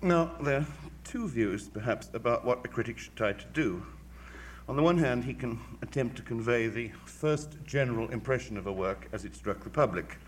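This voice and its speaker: A man, a music critic, giving a measured, articulate lecture with dry wit. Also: mid-range voice, expressive, slight background noise. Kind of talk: formal lecture.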